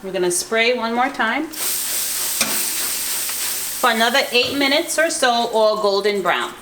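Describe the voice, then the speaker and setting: In her echoey kitchen with faint background noise, a mother hosts a home cooking vlog, encouraging her child as they bake together. Her voice is fairly high and expressive, and she speaks a little slowly.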